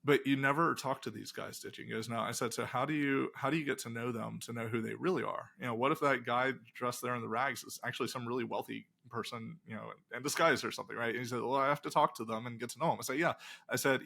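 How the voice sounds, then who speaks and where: Man, middle-aged, gravelly voice, sharp tone, casual storytelling, quoted dialogue. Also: mid-range voice, fast. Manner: animated retelling with quoted dialogue. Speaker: pastor and game designer, guest.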